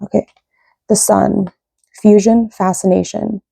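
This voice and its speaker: A young woman reads tarot in a loose, rambling way, checking in with "right?" again and again. Her low voice has a gravelly fry and a dark, mellow tone. It sounds dry and close, with almost no room around it. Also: level tone, unhurried, no room sound. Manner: rambling, tags sentences with "right?". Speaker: tarot reader. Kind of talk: casual tarot reading.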